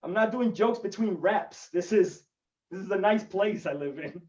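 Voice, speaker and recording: A man's voice: sits high, moderate pace, a little mellow, distant mic, muffled recording. A male stand-up comedian doing a chatty, rambling set from his home over a video call, with self-deprecating asides. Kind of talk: stand-up set for an online show.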